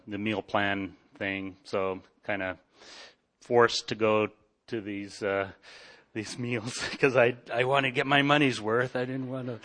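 Deep-voiced halting man. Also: fairly bright tone. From Ontario, Canada. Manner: halting, with frequent fillers and restarts.

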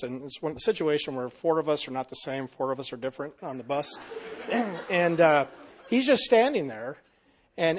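A man's voice: mid-range voice, slight background noise. A male pastor telling a story to a small group in a mid-range voice. He rambles along with plenty of fillers, false starts and asides. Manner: rambling, with many fillers and restarts. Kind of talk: storytelling in casual group talk.

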